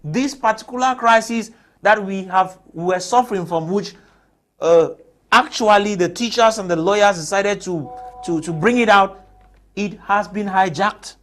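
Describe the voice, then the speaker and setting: A man's voice: sits high, a little slow, fairly bright tone. A man from Cameroon, speaking as a panelist on a TV discussion and pressing his case with rhetorical questions. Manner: emphatic, argues with rhetorical questions. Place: TV studio.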